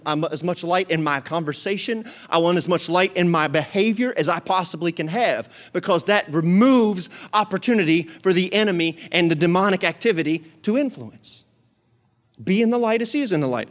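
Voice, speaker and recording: A male pastor preaching a sermon, emphatic and repetitive, leading the congregation in call-and-response. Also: high-pitched.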